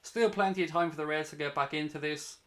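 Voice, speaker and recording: Brief male fan host, fairly high voice, live play-by-play breaking into angry cursing rants. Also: fast, a bit bright. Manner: sweary, heated, ranting between play-by-play. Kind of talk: live match reaction commentary.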